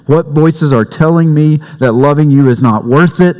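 A man preaching a sermon as pastor, conversational and warm-humored, with family stories. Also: fairly high pitch, moderate pace. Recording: long reverb in a church hall.

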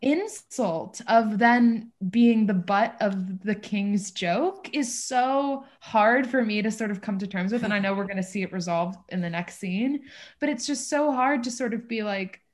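A woman in a casual discussion of a play, rambling and animated, with many restarts and fillers. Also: mid-range voice, unhurried. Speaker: discussion participant.

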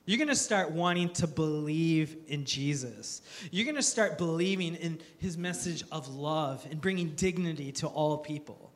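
A male pastor preaching a sermon, telling stories with lively, self-mocking humor and earnest emphasis. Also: on the high side, normal speed.

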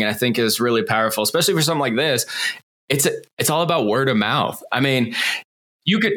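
Casting: man, podcast host, bright edgy tone, encouraging. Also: medium pitch. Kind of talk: casual interview chat.

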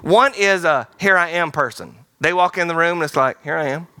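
A male pastor preaching with a bright, forceful voice that sits a little high. He is animated and playful, slipping into quoted voices and laughing as he goes. The sound is close and dry. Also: normal speed, smooth, no room sound. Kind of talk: sermon. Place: large theater-style church hall.

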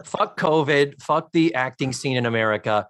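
A man co-hosting a casual podcast chat, animated and profane, often acting out lines. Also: mid-range voice, normal speed, no room sound. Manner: animated, profane, acts out lines in character voices. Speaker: podcast co-host.

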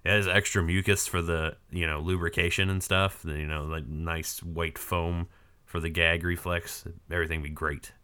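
Podcast host, male, hoarse and sick; low, bright, smooth voice with a crude, rambling humor. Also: flat delivery, normal speed. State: hoarse from a cold. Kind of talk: casual chat.

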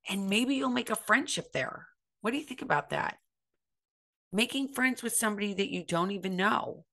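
A middle-aged woman from the United States speaks with a bright, forceful voice in an impassioned motivational talk. She is earnest and emphatic and hammers points home by repeating them. Her pitch sits in the middle range for a woman. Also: lively intonation, normal speed. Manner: acts out others' voices in quoted speech. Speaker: speaker on recovery and self-acceptance.

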